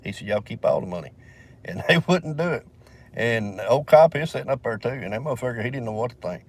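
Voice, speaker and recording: A man's voice: medium pitch, animated, fast talker, a little mellow. A man from Alabama with a Southern accent, telling a long story in a casual vlog, swearing heavily and rambling with fillers, recorded in a vehicle.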